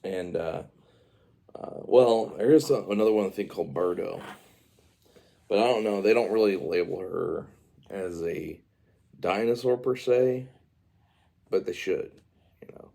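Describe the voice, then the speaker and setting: A man's voice: sits low, a little slow, creaky, long pauses, warm tone. A man telling his baby a rambling, improvised story, full of fillers and asides.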